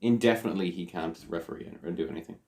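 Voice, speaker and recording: A man's voice: low voice, rapid-fire, creaky, a little mellow. A man co-hosting a wrestling podcast, blunt, sweary and teasing in casual chat. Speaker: podcast co-host.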